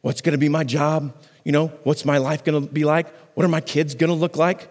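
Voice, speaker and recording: A man, a pastor, preaching a sermon on a microphone in a conversational way, restarting phrases and swinging his pitch up and down for emphasis. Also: flat delivery, brisk, darkish tone, long reverb tail. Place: church sanctuary.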